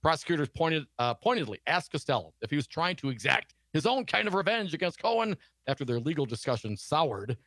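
A man's voice: on the high side, sing-song, a little fast, hardly any pauses, fairly bright tone, no echo. A man co-hosting a political talk show, reading news stories aloud and adding sarcastic asides.

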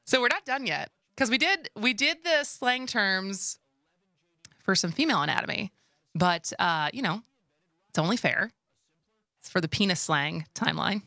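A chatty woman with a Wisconsin accent co-hosts a radio talk show, loose and playful, laughing easily. Her voice is bright and forward. The studio sound is dry and close. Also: medium pitch, lively intonation, moderate pace, long pauses, dry recording. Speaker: radio co-host. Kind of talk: casual radio chat.

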